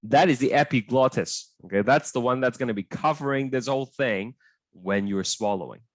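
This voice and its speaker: Mid-range and at a moderate pace, a young man's voice comes through without echo as he leads an online biology tutorial. His style is chatty yet hesitant, packed with fillers and frequent "right?" checks aimed at his students.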